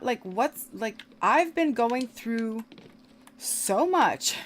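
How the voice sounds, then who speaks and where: A woman livestreamer talks into a desk mic, chatting casually while she games. Her voice sits a bit high, and she rambles, leaning on "like" again and again. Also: slight background noise. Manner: rambling, heavy use of "like" fillers. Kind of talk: casual chat while gaming.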